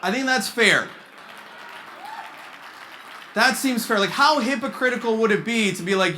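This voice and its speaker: Man doing stand-up at a charity gala, high-pitched and punchy, animated storytelling. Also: a little slow, long pauses, a faint crowd, slight background noise. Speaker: stand-up comedian. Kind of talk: stand-up comedy.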